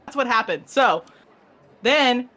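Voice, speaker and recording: High-voiced woman recapping a book, animated. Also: slow pace. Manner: animated storytelling, acts out characters' lines, swears casually. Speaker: book review podcast co-host. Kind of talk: casual chat recapping a book.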